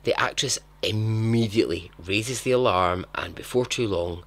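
A man's voice: lowish voice, moderate pace, creaky, hardly any pauses, a bit bright. A man hosting a storytelling podcast, narrating in a chatty, dramatic way with joking asides. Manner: chatty, dramatic, laughs at his own asides. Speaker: podcast host.

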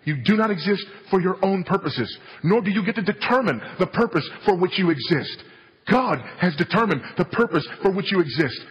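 A man's voice: high-pitched, animated, a little fast, big-room sound, muffled recording. A man preaching a sermon in an emphatic, repetitive style, driving points home with solemn, falling stresses.

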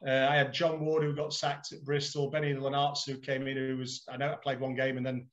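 A middle-aged man, a guest on a podcast, telling animated anecdotes and acting out the dialogue with frequent laughter. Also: medium pitch, a little fast, highs cut off. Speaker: guest, former footballer. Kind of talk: casual podcast storytelling.

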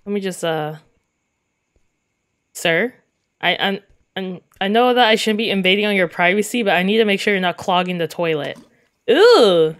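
A woman's voice: medium pitch, normal speed, long pauses, fairly bright tone. A woman giving let's play commentary on a game, giggly, often breaking into laughter and exclaiming in disgust. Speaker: gaming video creator.

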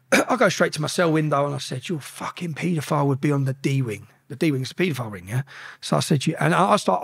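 A man telling a story as a podcast guest, animated and profane, acting out the shouted exchanges. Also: a little high, vocal fry, husky.

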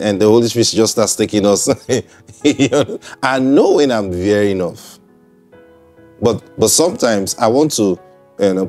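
Preacher guy on a broadcast sermon, lowish voice, keeps asking "see?". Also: a little mellow. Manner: conversational, repetitive, checks in with listeners.

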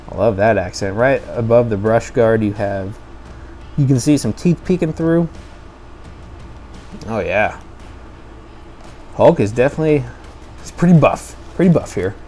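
A man casually reviewing toy cars for a video, chatty and enthusiastic, thinking out loud as he goes. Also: mid-range voice.

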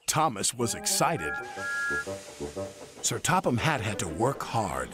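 A man reading a storybook tale aloud as narrator, with expressive delivery. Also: lowish voice, slow, loud music behind the voice.

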